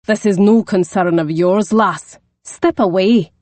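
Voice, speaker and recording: A woman voicing a burly, fierce Scottish man who growls his words in a deep Scottish brogue. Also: a little slow, darkish tone, dry recording, close to an everyday voice. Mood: commanding. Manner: growling, curt.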